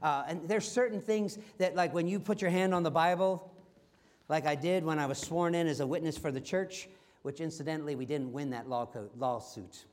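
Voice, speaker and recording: A middle-aged man preaching a sermon as pastor, swinging from loud emphatic lines to soft, slow, hushed ones. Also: a little high.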